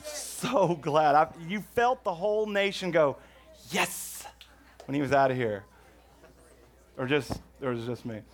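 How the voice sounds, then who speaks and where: A man's voice: fairly high pitch, normal speed, some chatter behind. A man from Houston, doing rambling, self-mocking stand-up storytelling. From Houston, Texas. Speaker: stand-up comedian.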